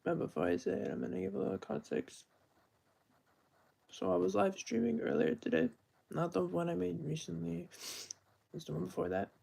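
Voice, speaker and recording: A man's voice: high-pitched, steady tone, moderate pace, vocal fry, long pauses, dark tone, husky. A young man talking earnestly and at length on a live stream, often stopping to correct himself. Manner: earnest, rambling, self-correcting. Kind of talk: unscripted live-stream monologue.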